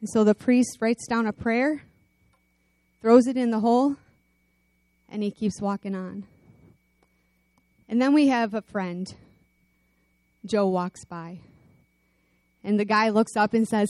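A woman's voice: medium pitch, slow pace, long pauses, dry recording. A woman preaching a sermon, telling stories with energy and rallying her listeners before closing in prayer. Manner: animated storytelling, rallying calls.

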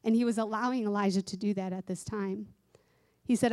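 A woman's voice: medium pitch, steady tone, brisk, darkish tone, no room sound. A woman who teaches dance giving an earnest devotional sermon, repeating key phrases for emphasis.

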